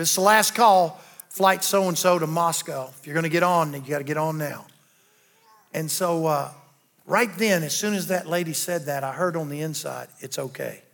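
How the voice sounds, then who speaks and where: A man preaching a sermon, telling folksy stories and building to loud, emphatic declarations. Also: a little high. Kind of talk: sermon with storytelling.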